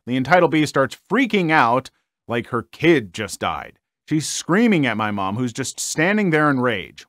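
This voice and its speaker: A man reading internet stories aloud and adding his own lively comments between them, on a close, dry mic. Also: mid-range voice, dry recording. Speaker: story reader and commentator.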